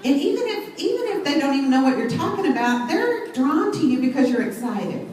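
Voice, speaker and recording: Very animated and brisk, this middle-aged woman's high, slightly mellow voice carries across a very echoey hall, recorded from a distance through a set-back mic with faint noise. She's delivering an enthusiastic, motivational story on stage to a crowd at a sales event.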